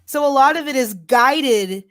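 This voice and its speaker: A woman's voice: high-pitched, measured pace, no room sound, clean studio sound. Blunt, joking woman co-host. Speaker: podcast co-host. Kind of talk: casual chat.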